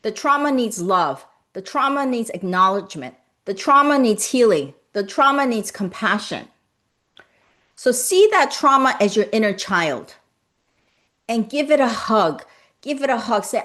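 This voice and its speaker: A woman hosting a live-streamed motivational talk as a spiritual coach, speaking in gentle, repeated affirmations and greeting viewers by name as she reads their comments. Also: on the high side, expressive, a little slow. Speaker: spiritual coach and livestream host.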